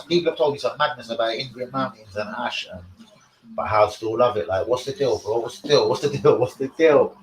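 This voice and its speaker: A man, rambling and swearing in casual live-stream chat as the host. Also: medium pitch. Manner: rambling, slangy, swears a lot. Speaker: livestream host. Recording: echoey room.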